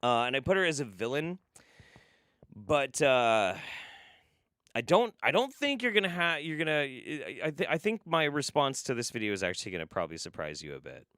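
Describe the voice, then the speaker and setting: A man's voice: mid-range voice, big pitch swings, moderate pace, sharp tone, dry recording, studio quality. A man hosting a live stream, reacting to videos with sarcastic, rambling, profane commentary. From United States.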